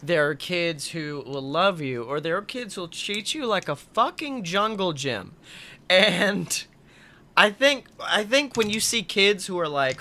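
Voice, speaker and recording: A young man co-hosting a podcast, chatting casually and acting out funny stories with lots of swearing. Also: a little high. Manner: animated storyteller, swearing, acting out quotes. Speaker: podcast co-host. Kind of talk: casual chat.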